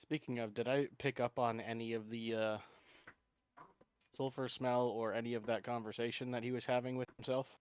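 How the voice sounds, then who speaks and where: A man's voice: mid-range voice, flat delivery, normal speed, a little mellow, smooth, no room sound, highs cut off. A man playing in a tabletop game, laid-back and joking in casual chat. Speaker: player.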